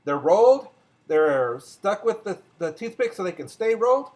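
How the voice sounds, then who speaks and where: Here a talkative older man hosts a homey cooking demo in his kitchen, narrating each step for viewers as he goes. His high-pitched voice has big pitch swings and a darkish tone, he talks at a normal speed, and the recording quality is low.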